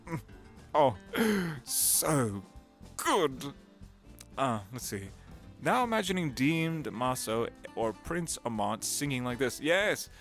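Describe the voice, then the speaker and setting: A man, a voice actor, chatting casually on a home livestream with a gravelly vocal fry, giggling and wandering between topics. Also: mid-range voice, sing-song, slow, fairly bright tone, faint music behind. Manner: chatty, giggly, drifts into voice demos. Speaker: voice actor streaming.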